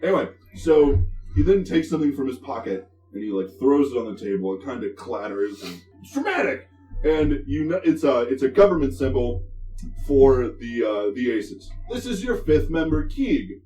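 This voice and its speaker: A man's voice: medium pitch, big pitch swings, normal speed, dark tone, soft background music. A man running a tabletop game as game master, narrating in a casual, profane, rambling way with lots of fillers. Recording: distant, echoey room mic.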